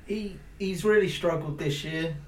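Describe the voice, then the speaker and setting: A man's voice: fairly high pitch, unhurried, a little mellow. A man guesting on a casual podcast chat, giving brief plain answers.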